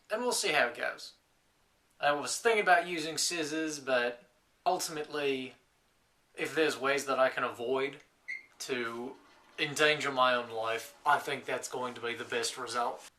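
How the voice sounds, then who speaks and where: A man's voice: medium pitch, bright, forceful tone. A young man playing a lonely last man on earth, telling wry rambling stories to camera in a scripted comedy monologue.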